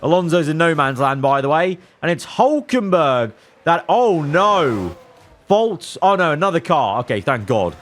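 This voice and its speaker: A man commentating his own racing management game, cheering on his drivers and swinging between calm analysis and elated outbursts. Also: fairly high pitch, a little slow. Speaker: gaming YouTuber.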